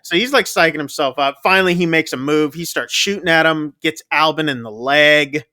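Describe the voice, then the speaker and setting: A man casually retelling a film's plot on a podcast, chatty and loose, with quick asides. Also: on the high side, pushed and bright, no room sound. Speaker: podcast co-host. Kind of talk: casual movie recap chat.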